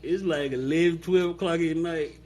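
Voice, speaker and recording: Animated man acting out stories. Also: a little high, moderate pace, soft background music. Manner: animated storytelling, acts out quotes, laughs a lot. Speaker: podcast co-host. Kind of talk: casual chat.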